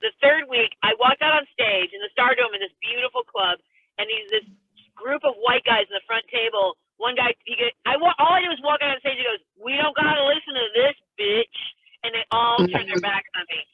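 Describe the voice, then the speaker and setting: High-voiced woman comic ranting on a video call, exasperated and self-mocking, tinny phone-ish sound. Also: big pitch swings, fairly quick, creaky, slightly rough, dry recording. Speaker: stand-up comedian. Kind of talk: stand-up set on a video call.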